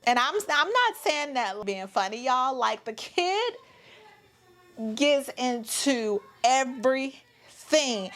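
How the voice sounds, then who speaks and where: A woman's voice: a little high, fairly bright tone. A woman, chatting animatedly to her viewers as a mother vlogger. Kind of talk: casual storytelling to camera.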